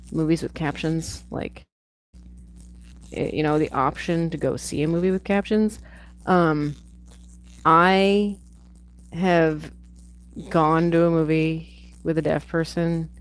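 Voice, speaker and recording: Woman livestreaming from home, deep for a woman, rambly, swears a lot. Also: slight background noise, poor audio. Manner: rambling, digressive, swears freely. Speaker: livestream host reviewing a film. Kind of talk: casual chat.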